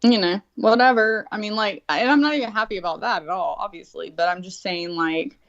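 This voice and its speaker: A woman's voice: mid-range voice, brisk. A woman in her forties tells a story in casual, profane talk, jumping into the voices of the people she quotes. Her voice sits at an average height for a woman. The recording is dull and muffled, with a dry, close sound and no room echo. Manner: profane, animated, acts out quotes. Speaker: guest telling a story.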